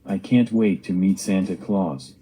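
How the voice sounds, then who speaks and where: A man's voice: low-pitched, a little slow, mellow. A man voicing Miss Tarantula, a young female spider in a homemade cartoon story, speaking in a plain, earnest way. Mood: excited. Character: young female spider, eager then tearful.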